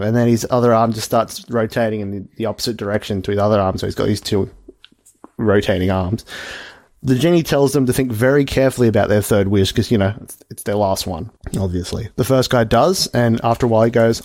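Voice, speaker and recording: A man's voice: medium pitch, fairly quick, a little mellow, no room sound, studio quality. A young man co-hosting a comedy podcast, telling a long joke in a rambling, giggly way with lots of fillers and asides. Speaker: podcast co-host. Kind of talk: casual comedic chat, retelling a joke.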